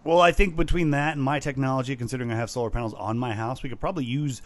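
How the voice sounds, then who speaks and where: A man in his thirties co-hosting a podcast in casual chat, making wry, deadpan quips. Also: mid-range voice, racing. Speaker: podcast co-host.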